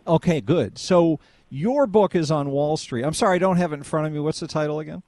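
Male radio host, slightly high voice, dry close studio sound, chatty and rambling. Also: fairly quick, mellow, dry recording. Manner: rambling, many fillers and restarts. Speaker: radio talk show host. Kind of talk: talk radio interview.

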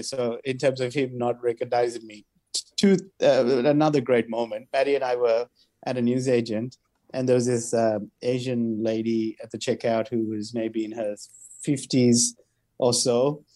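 A man's voice: medium pitch, normal speed. A man, a comedian chatting casually and telling anecdotes with lots of quoted voices. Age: 30s. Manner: animated storytelling with quoted voices. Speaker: podcast co-host, comedian. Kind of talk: casual chat.

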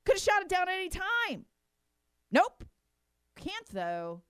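A woman's voice: extremely high pitch, huge pitch swings, normal speed, sharp tone, dry recording, studio quality. A middle-aged woman co-hosting a political talk show, emphatic and indignant, with sarcastic mock quotes. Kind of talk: political commentary chat.

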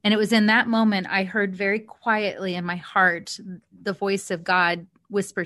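A woman's voice: mid-range voice, little pitch movement, normal speed, sharp tone, no room sound. A woman co-hosting a faith podcast, telling a personal story in an earnest, heartfelt way with small restarts, on a podcast mic. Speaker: podcast co-host.

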